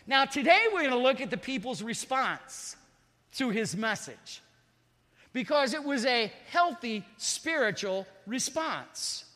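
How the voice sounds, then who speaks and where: A male pastor preaching a sermon, building to loud, shouted climaxes and leading the congregation in repeated phrases. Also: very high-pitched, lively intonation, unhurried. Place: church sanctuary. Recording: long reverb of a church hall.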